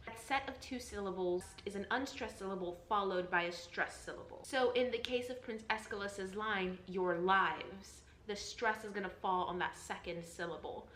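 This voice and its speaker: A woman's voice: medium pitch, a bit bright, slight background noise. A young woman, an actor, gives an earnest, encouraging lesson on reading Shakespeare, explaining things step by step. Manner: earnest, encouraging, repeats reassurances. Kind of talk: enthusiastic explanatory vlog lesson. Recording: roomy echo.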